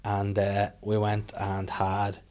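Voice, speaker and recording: A young man hosting a podcast, telling rapid, animated stories full of laughter and sweary acted-out inner voices. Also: fairly low pitch. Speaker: podcast host. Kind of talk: casual chat, storytelling.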